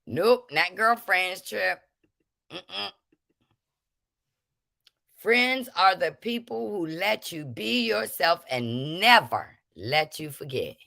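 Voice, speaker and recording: Brief: woman hosting a movie quiz stream, lower pitch, slow drawling pace, very lively and bright. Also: vocal fry, no echo, studio quality. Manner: animated, laughing, drawn-out speech. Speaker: livestream host running a movie quiz. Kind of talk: casual livestream chat.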